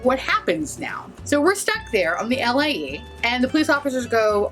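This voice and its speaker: A young woman telling a profane, animated storytime as a beauty vlogger. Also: sits high, normal speed, faint music behind. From New York area. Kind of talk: casual storytime.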